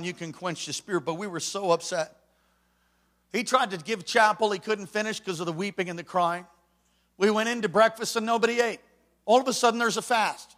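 Brief: male preacher, animated storyteller, bright and high in pitch. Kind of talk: sermon.

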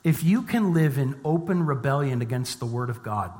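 A man's voice: mid-range voice, animated, normal speed, a little mellow. A middle-aged man preaching a sermon as a pastor, mixing scripture reading with conversational, humorous personal stories. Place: church sanctuary. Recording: long reverb of a church hall.

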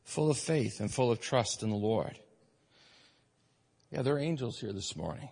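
A man preaching a sermon as pastor, emphatic, swinging between loud urgent passages and quiet earnest ones. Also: mid-range voice, moderate pace, vocal fry, long reverb tail. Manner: emphatic preaching, rising and falling in force.

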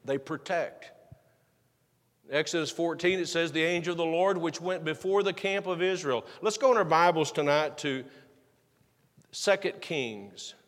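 A male preacher delivers a sermon, mixing scripture reading with casual, folksy retellings. His voice sits a bit high for a man. The sound carries the long reverb of a church sanctuary. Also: normal speed, fairly bright tone.

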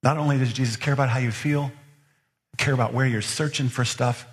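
Speaking fairly quickly in a mid-range voice with fairly even intonation, a man preaches as pastor. He presses his listeners earnestly with question after question, his words echoing in the long reverb of a large hall.

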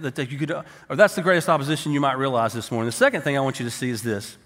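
A man's voice: fairly high pitch, fairly bright tone. A middle-aged man preaching a sermon, telling stories and acting out the people he quotes. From Texas. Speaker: pastor. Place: church sanctuary. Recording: long hall reverb.

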